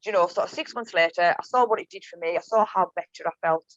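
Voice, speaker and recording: A woman's voice: on the low side, fast talker, a bit bright, no echo, lo-fi sound. Chatty Cumbrian woman, storytelling. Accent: Cumbrian (Whitehaven). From Cumbria, England. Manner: chatty, storytelling, many restarts and fillers. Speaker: guest, business owner. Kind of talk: casual podcast interview.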